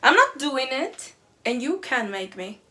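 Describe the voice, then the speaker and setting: A woman's voice: sits high, very animated, unhurried, heavily acted. A woman voicing a defiant schoolgirl who refuses to do her work. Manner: loud, defiant.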